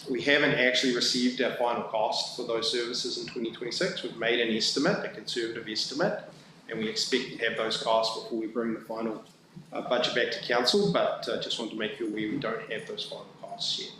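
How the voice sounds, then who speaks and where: Male staffer, mid-pitch, halting council presentation, booming chamber echo. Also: fairly even intonation, pushed and bright. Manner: halting, many fillers and restarts. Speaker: town staff presenting budget. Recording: very echoey room, faint background noise.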